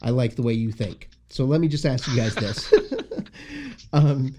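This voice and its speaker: A man hosting a casual podcast chat, asking easygoing, quick questions. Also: mid-range voice, wildly swooping pitch, dark tone, slight background noise.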